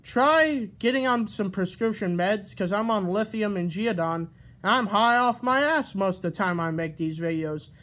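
A man's voice: high-pitched, lively intonation, moderate pace, a bit bright. A man vents into his camera in a heated, rambling rant. His speech is full of swearing, and he keeps breaking off sentences to restart and correct himself. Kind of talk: ranting vlog. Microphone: camera mic.

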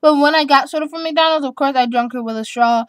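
Brief: eleven-year-old girl vlogger, high-pitched, chatty and giggly, dry close sound. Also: fast, dry recording. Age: child, eleven. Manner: chatty, giggly, rambling with restarts and repeats. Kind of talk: casual chat answering tag questions.

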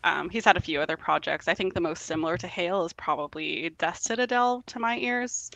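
A woman, a guest on a podcast, reviewing an album in a relaxed, casual chat full of ums. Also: fairly low pitch, fairly quick, gravelly, dry recording, rough recording. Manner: relaxed, hesitant with frequent ums.

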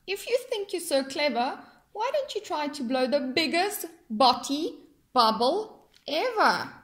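A woman's voice: sits high, sing-song, measured pace, fairly bright tone, full character voice. A woman voicing a scheming, cranky old male hermit crab in a storybook, exclaiming shrilly. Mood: taunting.

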